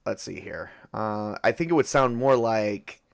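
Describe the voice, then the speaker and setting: A man's voice: fairly low pitch, lively intonation, a little slow, creaky. Man thinking aloud over a solo game. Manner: rambling, self-correcting, chuckles at own jokes. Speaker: game master.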